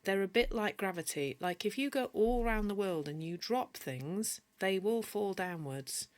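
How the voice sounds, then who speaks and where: Coaching over a livestream, a mildly accented Yorkshirewoman from northern England teaches in a chatty style and responds to comments as they arrive. She speaks expressively at a moderate pace in a mid-range voice, frequently stopping to rephrase or fix what she said.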